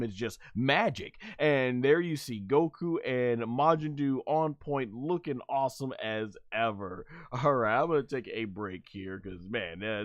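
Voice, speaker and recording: A man reviewing an anime episode on a stream, excitable and laughing often as he acts out the characters' shouts. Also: medium pitch, smooth, no room sound. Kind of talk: excited commentary on a livestream.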